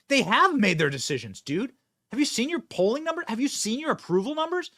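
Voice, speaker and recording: A man hosting political commentary, who talks in an energetic, emphatic, projecting way. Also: high voice. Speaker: host.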